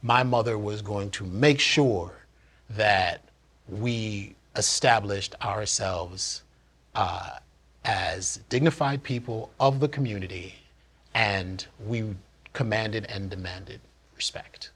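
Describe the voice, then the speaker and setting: Husky, lowish male voice, from New Jersey; candid one-take personal storytelling, earnest and reflective. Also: slow, a bit bright.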